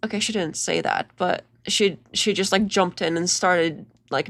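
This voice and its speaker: A young woman talks through clips in a loose, sarcastic commentary. Her voice has a gravelly edge and sits close and dry on the mic, with no room sound around it. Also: lowish voice, measured pace, hardly any pauses, a bit bright, dry recording. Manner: chatty, mocking, full of "like" and restarts. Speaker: commentary video host.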